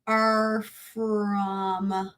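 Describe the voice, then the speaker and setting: A woman's voice: medium pitch, little pitch movement, drawn-out words, fairly bright tone. Woman thinking aloud on a live stream. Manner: thinking aloud, self-correcting. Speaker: stream host. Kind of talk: live commentary.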